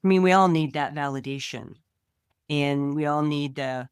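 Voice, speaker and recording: A woman's voice: sits low, moderate pace, clear, resonant tone, no room sound, studio quality. A woman co-hosting a podcast, talking in an earnest, reflective way. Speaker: podcast co-host. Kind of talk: casual podcast chat.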